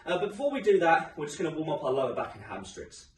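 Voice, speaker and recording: A man coaches a home workout in a chatty, encouraging way, his voice rising and falling in a lively sweep. He sounds a little out of breath. He is recorded at some distance in an echoey room. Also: a little high, fast talker, slight background noise. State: slightly out of breath. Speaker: fitness instructor.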